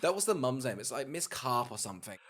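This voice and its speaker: A man co-hosting a casual comedic film-review podcast, joking and slipping into quick mock voices. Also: mid-range voice, sing-song, fairly bright tone. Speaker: podcast co-host.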